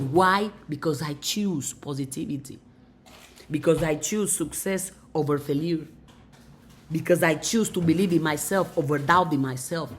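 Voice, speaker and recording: A woman's voice: on the low side, a little hiss or hum. A woman giving a motivational monologue in an emphatic, repetitive, preaching manner. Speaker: motivational speaker.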